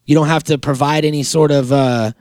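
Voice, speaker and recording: A man hosting a podcast, rambling and joking through sponsor reads while high, laughing mid-sentence. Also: steady tone, brisk, a little mellow, no room sound, studio quality. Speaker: podcast host. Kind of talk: casual podcast chat reading sponsor spots.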